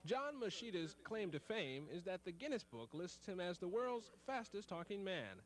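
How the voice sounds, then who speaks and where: A man's voice: sits high, sing-song, moderate pace. A man reporting as a TV news correspondent in a broadcast narration style.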